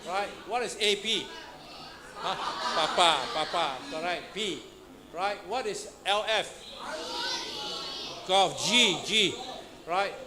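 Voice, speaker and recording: A man leads a classroom lesson, quizzing students out loud and tossing in "huh?" and "all right" between questions. The recording is noisy, with a clear hiss of room noise behind him. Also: sits high, slow pace, pauses often. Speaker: Pathfinder class instructor. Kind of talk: interactive classroom teaching. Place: church classroom.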